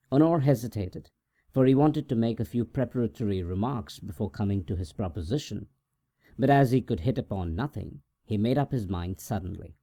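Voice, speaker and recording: A man narrating a classic short story in a calm, measured way, scripted as sleep audio. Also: on the low side. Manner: slow, even, measured reading.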